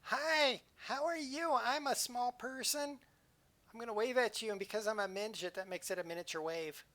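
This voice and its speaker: Man voicing a tiny cheery little fella in a game stream, high squeaky sing-song, friendly. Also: normal speed, pushed and bright. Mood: chirpy.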